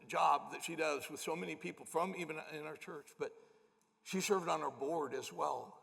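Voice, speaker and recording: Older male pastor, bright gravelly voice, animated self-deprecating storytelling, long church reverb. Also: a little high. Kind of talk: storytelling sermon. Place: large church auditorium.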